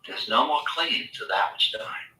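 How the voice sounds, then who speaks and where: Bright-voiced man lecturing in an echoey room. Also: lowish voice, moderate pace. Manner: animated storytelling, acting out imagined voices. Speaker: spiritual teacher. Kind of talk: spiritual lecture. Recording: echoey room, mic far off.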